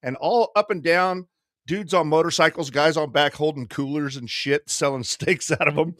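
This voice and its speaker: A man in his fifties, co-hosting a podcast and telling a long story casually, profane and quick to act out other people. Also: a little high, dry recording, studio quality. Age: 50s. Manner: profane, animated storyteller doing quick voices. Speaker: podcast co-host.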